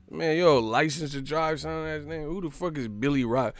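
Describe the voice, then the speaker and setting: A man hosting a live stream, giving loud, profane, slangy boxing banter full of laughs and mock impressions. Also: fairly high pitch, normal speed, few pauses, dry recording, clean studio sound. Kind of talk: casual boxing commentary with comic impressions.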